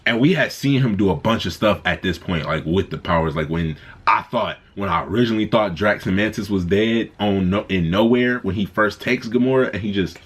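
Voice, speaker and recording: A man giving a casual spoken movie review, excited and rambling, often restarting his sentences. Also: on the low side, fairly quick, few pauses, breathy edge.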